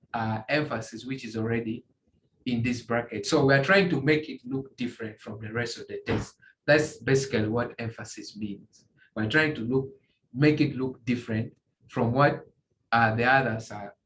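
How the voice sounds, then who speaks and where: A man teaching a beginner's coding tutorial, walking through screen examples in a halting way, often repeating and restarting phrases. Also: medium pitch, fairly bright tone. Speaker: tutorial instructor. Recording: echoey room, faint ambient noise.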